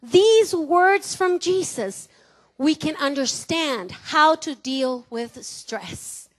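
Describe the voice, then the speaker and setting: Woman, pastor, sermon, Mexican Spanish accent, high voice, playful, church. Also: animated, very slow. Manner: playful, laughing, calls for congregation responses. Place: church sanctuary.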